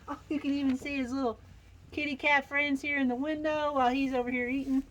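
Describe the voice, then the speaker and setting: A woman's voice: high voice, flat delivery, fairly quick, a bit bright, a little hiss or hum, low-quality recording. Brief: woman reading a storybook aloud on a farm, playful asides, laughs a lot, faint animals around. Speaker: farm host reading a picture book aloud. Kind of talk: casual read-aloud with chatty asides. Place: outdoors on a farm.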